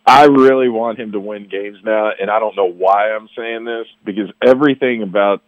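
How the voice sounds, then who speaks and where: A man co-hosting a sports talk show, animated and laughing, who breaks into loud impressions. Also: fairly low pitch, moderate pace, no room sound, highs cut off. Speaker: sports podcast co-host. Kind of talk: casual chat.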